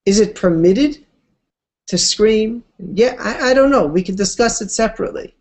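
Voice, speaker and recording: A woman giving a Torah class, telling stories in an unhurried, conversational way with expressive swings of pitch and casual asides. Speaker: Torah teacher. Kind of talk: Torah class lecture with storytelling.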